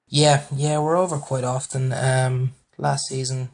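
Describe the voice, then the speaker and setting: A man talking in a relaxed, rambling way as a podcast guest. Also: medium pitch, unhurried, vocal fry. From Ireland. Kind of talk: casual podcast chat.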